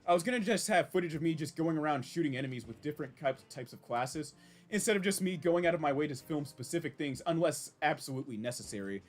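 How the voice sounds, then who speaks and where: A man's voice: on the high side, animated, quick pace. A man casually chatting while streaming a game, rambling and reacting with many restarts. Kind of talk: casual live-stream commentary.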